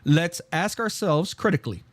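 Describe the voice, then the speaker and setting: A man's voice: a little high, lively intonation, normal speed, no room sound. A young man hosting a live call-in podcast, cutting in with insistent, repeated questions. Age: young adult. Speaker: podcast host.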